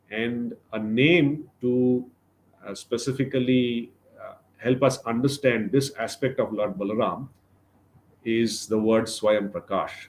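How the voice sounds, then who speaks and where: A man teaching a devotional class, retelling a sacred story for listeners. He talks in a thoughtful, halting way, pausing with fillers, at a plain mid pitch. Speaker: religious class speaker. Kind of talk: sermon storytelling. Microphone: livestream microphone.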